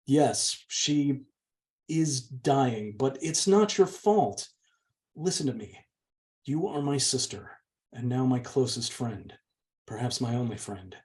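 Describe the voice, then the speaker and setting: A man's voice: mid-range voice, expressive, slow pace, a little mellow, far from the mic. A man reading aloud, voicing a bold young woman who earnestly reassures her younger sister. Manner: earnest, insistent. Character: bold, strong-willed young woman, the older sister and narrator. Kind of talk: audiobook reading.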